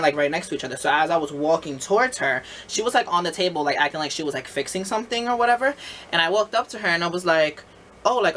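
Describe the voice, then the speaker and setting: Animated young man telling a work story. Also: fairly high pitch, a little hiss or hum. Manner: animated, frequent "like" fillers, swearing, acts out both sides. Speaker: store manager telling a story. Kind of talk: casual storytime vlog.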